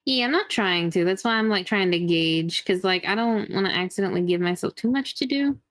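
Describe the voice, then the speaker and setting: A woman in casual chat on a stream call, giggly and animated, swearing freely. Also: medium pitch, a little fast, dry recording, clean studio sound.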